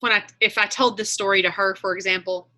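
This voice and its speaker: On a casual video call, a woman running an online group talks fast in a medium-pitched voice with a steady yet sharp tone. She wanders from point to point and frequently corrects herself partway through sentences.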